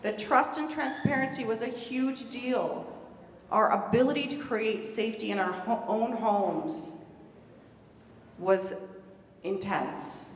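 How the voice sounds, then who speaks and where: A woman giving an earnest, emphatic conference talk, stressing and repeating key words. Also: medium pitch. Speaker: presenter at a conference. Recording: echoey hall, far from the mic, faint hum.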